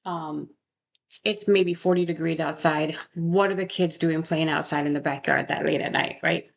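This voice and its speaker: A woman's voice: low-pitched, fairly even intonation, normal speed, vocal fry. A young woman casually talking through a true crime case, rambling and correcting herself, with frequent rhetorical questions. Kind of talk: casual chat.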